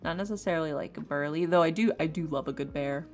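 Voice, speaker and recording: Her deep voice running fast, a woman chats casually on a live stream from her home setup while doing tarot readings. She rambles, laughs a lot and repeats herself, with faint lofi music playing.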